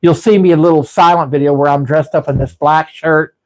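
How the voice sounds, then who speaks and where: Speaking briskly in a slightly high, darkish voice with fairly even intonation, a man hosting a live stream rambles through a story with frequent restarts. It's a casual chat captured on a livestream setup with rough recording quality.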